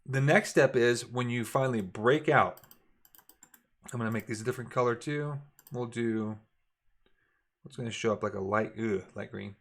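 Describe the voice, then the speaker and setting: Middle-aged male trading instructor, easygoing, repeats key points, mid pitch. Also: moderate pace, long pauses. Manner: casual, repetitive, talks while drawing charts. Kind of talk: screen-share trading lesson.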